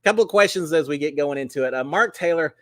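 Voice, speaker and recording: A middle-aged man hosting a relaxed live chat, his fairly high voice swinging up and down with animated energy. He talks in a folksy, upbeat way and fills gaps with "uh". The sound is close and dry, with no room around it. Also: quick pace, no echo. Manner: folksy and upbeat, many "uh" fillers. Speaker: host. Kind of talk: casual livestream chat.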